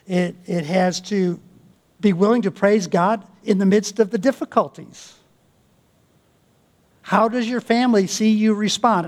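Earnest high-voiced preacher man. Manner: earnest, exhorting, with rhetorical questions. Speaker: pastor. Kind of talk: sermon.

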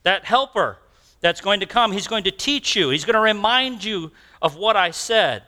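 A male preacher voicing a calm, patient teacher reassuring his followers during a sermon. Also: high-pitched, normal speed.

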